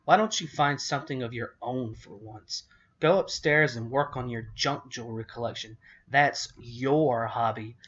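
A man's voice: mid-range voice, unhurried, fairly bright tone, muffled recording, lightly acted. A man voicing a possessive young twin girl in a storybook reading, whining and protesting.

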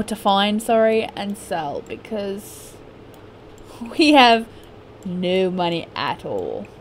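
A young woman chats her way through a life-simulation game, excitable and playfully bossy with her characters. Her voice swings widely in pitch as she talks. A faint background hiss sits under the recording. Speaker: gaming YouTuber. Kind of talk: casual gameplay commentary.

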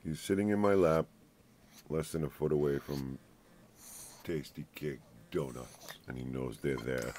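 Very deep man teasing his pet at home, playful scolding, noisy home video. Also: unhurried, darkish tone. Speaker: pet owner filming his pet.

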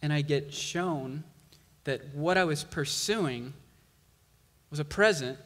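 Slow-preaching pastor in a reverberant hall. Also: male voice, fairly high pitch, a bit bright. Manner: slow, emphatic preaching with rising intensity. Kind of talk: sermon.

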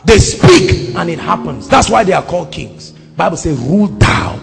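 Nigerian man, preacher, high voice, very lively pitch, gravelly edge, reverberant hall. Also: moderate pace, faint music behind. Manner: emphatic, swinging between hushed and shouted. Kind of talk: sermon.

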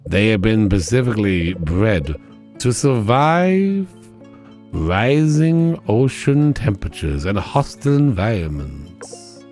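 Guy putting on a slow dramatic evil lady scientist, low voice, lively swoops, game music under it. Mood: sinister. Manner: slow, drawn-out, theatrical villain delivery. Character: woman villain scientist, "evil German" vampire.

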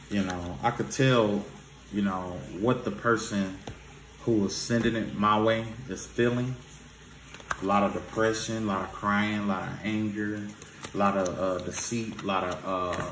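In his casual spiritual vlog, this man offers spiritual readings and advice, cursing loosely and repeatedly saying "you know what I'm saying." His pitch is fairly low. The audio has a roomy echo and a little hiss or hum.

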